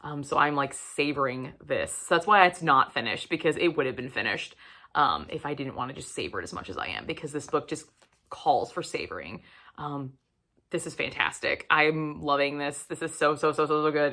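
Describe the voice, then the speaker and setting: A woman book vlogger chatting casually and gushing about what she is reading, animated and cursing freely. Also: low voice. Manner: gushing and animated, with frequent swearing. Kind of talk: casual book review chat.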